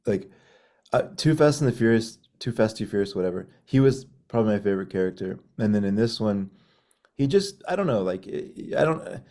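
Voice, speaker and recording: A man co-hosting a film podcast, speaking in a casual, halting way with plenty of ums and restarts. His voice sits low and sounds warm and mellow. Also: expressive. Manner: hesitant, lots of ums and restarts.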